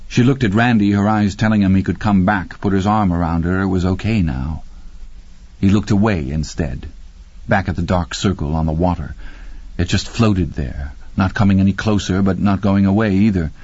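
A man narrating a horror audiobook in a steady, measured way. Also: sits low, slightly rough, no echo. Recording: dull lo-fi dry recording.

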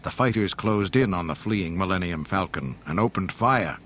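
A man with a fairly low voice narrates a storybook, his pitch rising and falling with lively drama. A faint hiss sits under the recording. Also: moderate pace. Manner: dramatic, expressive reading.

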